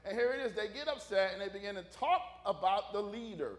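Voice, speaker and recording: A man's voice: high voice, expressive, brisk. A middle-aged male pastor, preaching a folksy sermon full of stories and calls for amens. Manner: folksy storytelling with call-and-response.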